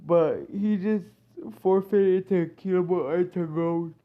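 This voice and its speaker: Woman, rambling storyteller, low-ish voice, muffled lo-fi recording. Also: fairly even intonation, slow pace. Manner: rambling, hesitant, frequent self-corrections. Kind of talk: improvised fan-fiction retelling. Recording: dull lo-fi recording.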